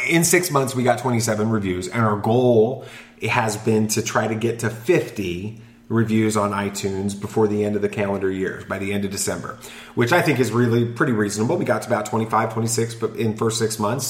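A man's voice: on the low side, fairly quick. A man hosting a casual family podcast, joking around and reading listener reviews aloud. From Southern California. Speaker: podcast host. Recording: roomy echo.

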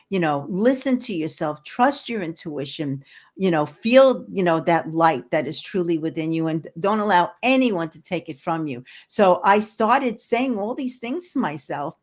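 A woman's voice: fairly low pitch, expressive, normal speed. An older woman guest, an energy healer, talking earnestly in an interview and often repeating words as she searches for them. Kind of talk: casual interview talk.

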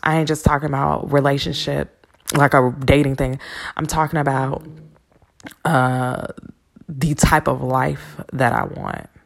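Low gravelly woman, frank podcast talk. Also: little pitch movement, unhurried. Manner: frank, profane storytelling with laughs. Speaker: podcast host and spiritual reader. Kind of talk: candid solo podcast talk.

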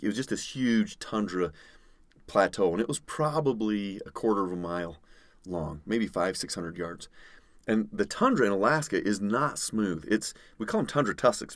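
A man's voice: fairly low pitch, no echo. A man, a podcast guest, vividly telling a survival story in conversation. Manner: vivid storyteller, acts out others' shouting.

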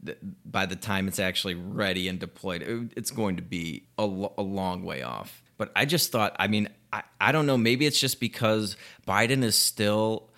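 A man's voice: on the low side, moderate pace, fairly bright tone. A young man ranting about politics in casual, profane talk, sarcastic and laughing between sentences. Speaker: political commentator.

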